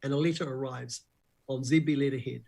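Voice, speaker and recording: Husky animated New Zealand man. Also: mid-range voice, a little fast, poor audio. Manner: animated storyteller who acts out quotes. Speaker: radio breakfast host, guest. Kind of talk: casual interview storytelling.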